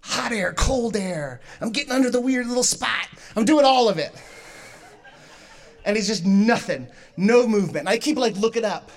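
A woman doing stand-up, telling a story in an animated way, laughing along and shouting some punchlines. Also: on the high side, normal speed. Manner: animated, laughing through her own lines, shouting punchlines. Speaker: stand-up comedian.

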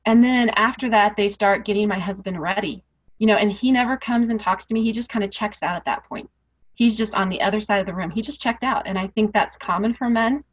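Speaking a little fast in a mid-range voice, a woman shares her own story as a podcast guest. She is earnest and emotional, repeating phrases for emphasis as her intensity rises, and the audio has a dull lo-fi quality.

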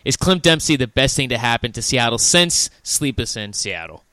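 A man co-hosting a soccer podcast with a bright, crisp voice, recorded dry and close. He reads out listener questions and jokes around in a playful, teasing way. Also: medium pitch, sing-song, moderate pace, no echo. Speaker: podcast co-host. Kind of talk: casual soccer podcast chat.

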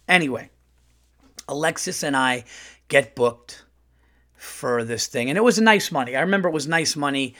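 A man who is a comedian and podcast host, telling stories in a casual, profane monologue that climbs to loud outbursts when he gets heated. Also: medium pitch. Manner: animated, profane, rising to shouting when heated.

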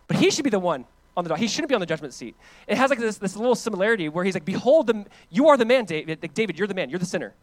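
A man, a pastor preaching a conversational, animated sermon that swings between loud emphasis and quiet, hushed lines. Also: sits high, dry recording.

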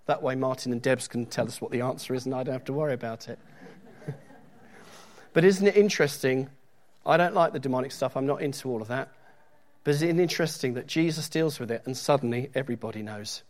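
In a quick, mid-range voice with a darkish tone, a middle-aged preacher delivers a church sermon conversationally, joking along the way and stressing scripture as he reads it aloud.

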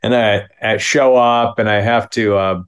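A man in his fifties from Minneapolis, telling a comic story in a halting, self-deprecating way with many restarts. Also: lowish voice, steady tone, clear, resonant tone, dull audio. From Minneapolis, United States.

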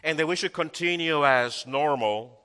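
A man's voice: a little high, normal speed, sharp tone, long reverb tail. A male pastor preaching a sermon, emphatic and repeating key phrases for effect.

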